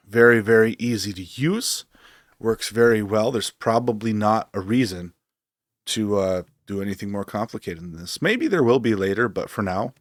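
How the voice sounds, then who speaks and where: A man's voice: on the low side, no echo, clean studio sound. A man streaming a game, talking casually and rambling as he thinks aloud with lots of fillers. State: hiccups. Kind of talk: casual gameplay commentary.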